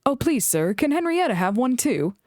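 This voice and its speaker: A woman's voice: fairly high pitch, very animated, normal speed, a little mellow, dry recording, studio quality, pitched above the performer's own voice. A woman voicing a small, cheeky male tram engine who teases with an innocent air. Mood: eager. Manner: innocent, sweetly teasing.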